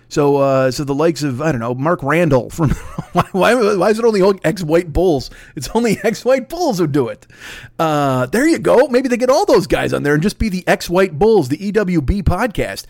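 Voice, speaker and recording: A middle-aged man riffing solo on his podcast, swearing freely and mocking himself as he rambles from one tangent to the next. His voice sits a little high for a man, and the sound is close and dry with no room around it. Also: lively intonation, normal speed, darkish tone, dry recording. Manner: profane, rambling, self-mocking ranting. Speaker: podcast host.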